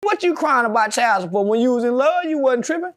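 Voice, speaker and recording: Brash, profane man with a high voice. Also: lively intonation, quick pace. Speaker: interview guest. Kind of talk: casual interview talk.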